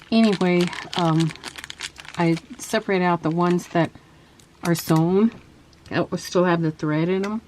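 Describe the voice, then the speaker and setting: Low-voiced woman chatting through a craft. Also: slight background noise. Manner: soft-spoken, chatty, trails off while working. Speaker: craft video host. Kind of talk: casual crafting tutorial.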